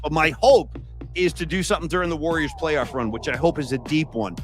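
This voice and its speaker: A man hosting a podcast, telling stories in a casual, animated way and saying "dude" often. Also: fairly high pitch, brisk, soft background music. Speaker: podcast host.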